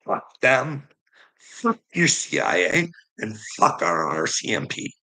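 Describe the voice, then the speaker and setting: A man's voice: sits low, huge pitch swings, unhurried, gravelly, pushed and bright, rough recording. A man delivering a heated, profane rant to his viewers, confrontational and swearing constantly. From Canada. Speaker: streamer.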